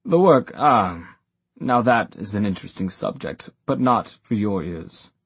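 A man voicing an ancient, frail and dotty male warlock who talks down to people, with a husky voice. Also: on the low side, lively intonation, unhurried, no echo, exaggerated voice. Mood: condescending.

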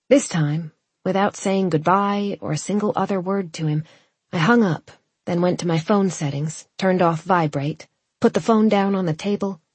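A woman narrating a first-person audiobook in a measured, reflective way. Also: fairly low pitch, darkish tone, breathy edge, no echo.

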